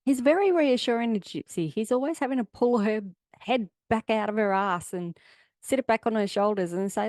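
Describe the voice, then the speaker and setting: A woman's voice: fairly high pitch, moderate pace, darkish tone, no room sound, studio quality. An Australian woman hosting a podcast, giving sarcastic, blunt commentary. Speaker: podcast host.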